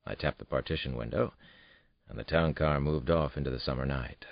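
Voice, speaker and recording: A man's voice: very deep voice, a little fast, creaky, dry recording. A man reading a thriller audiobook in the first person, with wry, affectionate storytelling. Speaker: audiobook narrator. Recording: dull, muffled studio read.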